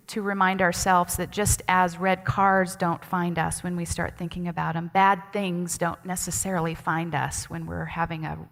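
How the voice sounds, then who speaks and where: A woman's voice: fairly low pitch, fairly bright tone. Chatty woman minister in a reverberant hall. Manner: chatty, asks the congregation questions. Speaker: associate minister. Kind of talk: conversational sermon. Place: church sanctuary. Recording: long hall reverb in a sanctuary.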